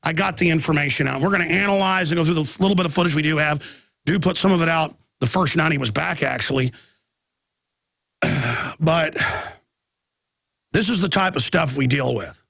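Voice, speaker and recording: A man's voice: a little high, normal speed, creaky, pauses often, a bit bright, dry recording, studio quality. A man hosting a talk radio show, rambling and agitated with many restarts, talking through a chest cold with coughing.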